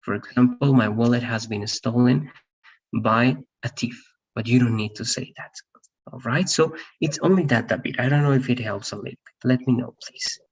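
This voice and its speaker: A man with a mid-range, breathy-edged voice teaches an online English grammar class at a moderate pace, and the audio sounds dull. He explains patiently and keeps checking that his students follow, often asking "all right?"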